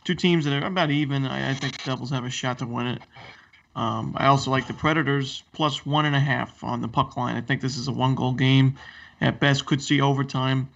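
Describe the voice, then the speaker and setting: Gravelly man with steady picks. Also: mid-range voice, fairly quick, highs cut off. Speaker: sports betting co-host. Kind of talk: casual picks talk.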